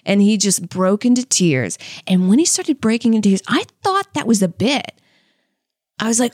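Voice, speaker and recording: A woman's voice: medium pitch, sing-song, moderate pace, a little mellow, no echo, studio quality. A young woman, a stand-up comic and co-host, telling stories casually. She acts out what people said and laughs often. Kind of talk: casual storytelling.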